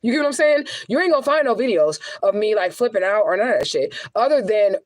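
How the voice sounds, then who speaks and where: A woman's voice: mid-range voice, lively intonation, fast, low-quality recording. A middle-aged woman and spiritual medium, talking straight to her viewers in a raw, rambling, profane vlog monologue. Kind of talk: emotional direct-to-camera monologue.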